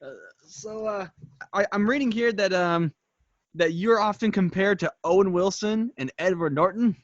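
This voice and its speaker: A man hosting a casual interview, laughing easily and asking relaxed questions. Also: high-pitched, normal speed, no echo, muffled recording. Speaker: interview host.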